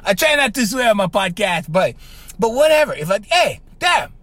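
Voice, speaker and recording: A middle-aged man, hosting a podcast in a casual monologue. He tells stories in an animated way, keeps checking in with "right?", and has the strong voice of a trained singer. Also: high voice, fairly quick, no echo. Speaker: podcast host.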